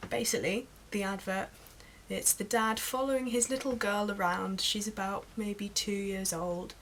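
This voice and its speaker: A woman's voice: mid-range voice, slight background noise, poor audio. A young woman from Britain rants in a vlog, rambling and exasperated, with many ums and uhs. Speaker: vlogger. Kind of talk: ranting vlog monologue.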